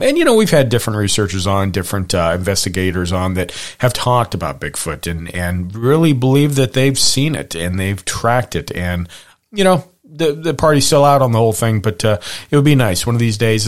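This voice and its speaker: A man hosting a podcast, chatting casually from his notes with plenty of fillers and wry little asides. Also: medium pitch. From Pacific Northwest. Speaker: podcast host. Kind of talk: casual chat reading from notes.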